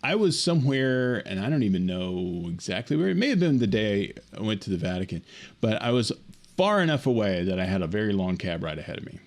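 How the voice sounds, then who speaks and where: A man co-hosting a podcast, telling a story in a casual, animated, laughing way over a remote call. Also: fairly low pitch, a little fast. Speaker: podcast co-host.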